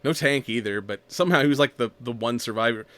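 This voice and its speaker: A man's voice: medium pitch, quick pace, sharp tone, no echo. A man casually recapping a movie on a podcast, rambling, laughing often and acting out the lines. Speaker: podcast co-host.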